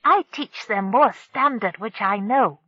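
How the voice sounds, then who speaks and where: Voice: mid-range voice, unhurried, breathy edge, no echo, muffled recording, pitched above the performer's own voice. The narrator voicing a proud little male alien who speaks in broken phrases, in an audiobook. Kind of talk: audiobook character voice.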